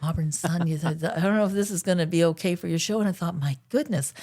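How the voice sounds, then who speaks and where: A woman's voice: on the low side, fast, mellow. A middle-aged woman hosting an interview show, gushing and chatty as she introduces her guest. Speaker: show host. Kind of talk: enthusiastic interview host. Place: Toronto.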